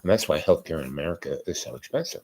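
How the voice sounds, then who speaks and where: An older man with a deep, low voice, hosting his own podcast. He talks in a loose, meandering way, with plenty of fillers and side stories. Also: lively intonation, rapid-fire, darkish tone. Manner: meandering, many fillers and asides. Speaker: podcast host. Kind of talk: rambling casual monologue.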